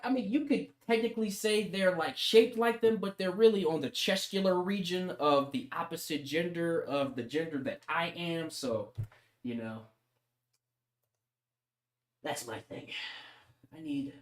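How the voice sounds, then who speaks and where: A man's voice: fairly high pitch, unhurried. A man streaming casually while he draws, joking with his chat in slangy banter and laughing often.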